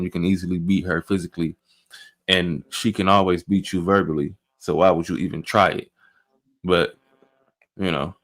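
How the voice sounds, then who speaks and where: A man's voice: deep voice, a bit bright. A man on a discussion panel, talking casually and hesitantly, repeating himself. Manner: hesitant, repeats himself, short agreeing interjections. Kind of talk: casual debate.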